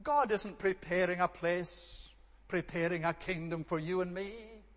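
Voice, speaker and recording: Emphatic preacher in a reverberant hall. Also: male voice, high-pitched, a little slow, a bit bright. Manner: earnest, emphatic, repeating phrases for stress. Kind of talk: sermon. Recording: long reverb of a large hall.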